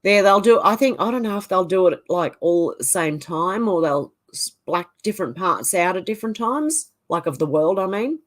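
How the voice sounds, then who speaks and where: A woman's voice: lowish voice, lively intonation, normal speed. Australian woman chatting on a livestream. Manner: reads viewer comments aloud and chats back casually. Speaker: livestream host. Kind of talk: casual livestream chat.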